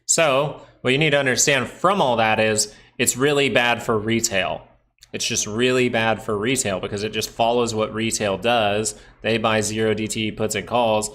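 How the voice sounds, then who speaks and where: A man hosting a live stock market stream, chatting casually over charts, excitable and asking himself questions as he thinks aloud. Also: on the low side, normal speed. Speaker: stock market livestream host.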